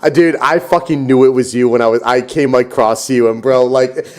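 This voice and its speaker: A man's voice: mid-range voice, fairly even intonation, normal speed, a little mellow. A young man hosting a stream, chatting casually in a playful, teasing way. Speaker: streamer host. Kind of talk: casual chat.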